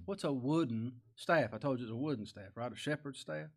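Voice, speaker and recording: A man preaching a sermon as pastor, chuckling often and rising to loud emphatic bursts. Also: medium pitch, fast, hardly any pauses.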